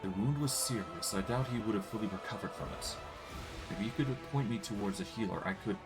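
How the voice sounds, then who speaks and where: A man's voice: lowish voice, brisk, over loud music, close to an everyday voice. A man reading aloud the lines of a cocky, teasing mercenary woman in a game.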